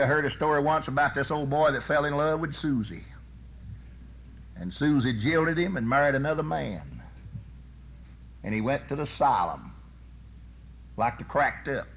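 A man preaching a sermon, telling folksy stories and swinging from loud bursts to soft, low asides. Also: a little hiss or hum.

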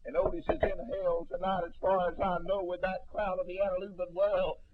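A middle-aged man preaching a fervent sermon, telling stories and swinging between hushed tones and loud cries. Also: high-pitched, steady tone, fairly quick, few pauses, lo-fi sound, background noise. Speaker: pastor.

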